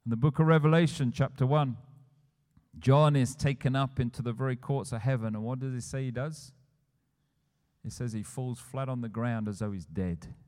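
A man's voice: medium pitch, normal speed, darkish tone. A man preaching a sermon, retelling scripture scenes and building to emphatic declarations. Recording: long church hall reverb.

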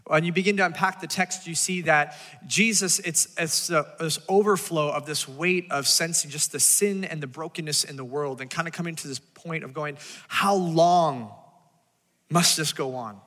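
A man's voice: on the high side, steady tone, normal speed, hardly any pauses, bright, forceful tone, in a large hall. A man preaching a sermon as a pastor, talking casually and acting out voices as he tells the story.

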